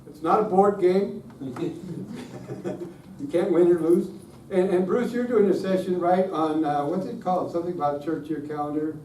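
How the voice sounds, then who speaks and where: Middle-aged guy lecturing at a conference, dark mellow voice, far off in an echoey room w/ faint hiss. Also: sits high, normal speed, long pauses. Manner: self-deprecating, joking with the audience. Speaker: conference speaker on worship. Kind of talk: lively conference talk. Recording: roomy, distant room mic, faint hiss.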